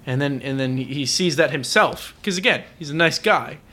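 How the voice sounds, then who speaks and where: A man chatting on a podcast while drunk, recapping an anime in a rambling way full of fillers and restarts. His voice sits a little high and sounds bright and forceful. He keeps circling back with restarts. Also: moderate pace. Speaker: podcast co-host. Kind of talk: casual chat recapping anime.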